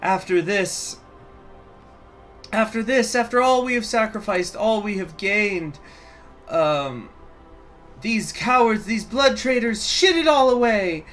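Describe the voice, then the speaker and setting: A man's voice: fairly high pitch, lively intonation, normal speed, fairly bright tone, soft background music, voice pushed up. A man voicing a furious tyrannical female regent, ranting threats in a dramatic reading of a game story. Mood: enraged.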